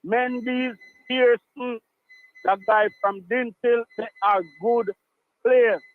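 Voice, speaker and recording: A man with a Jamaican accent, calling in to a radio show and talking in an animated way, mixing patois into his speech and repeating himself. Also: very high-pitched, slow, no echo. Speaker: caller. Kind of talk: call-in radio chat. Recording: tinny phone line, dry.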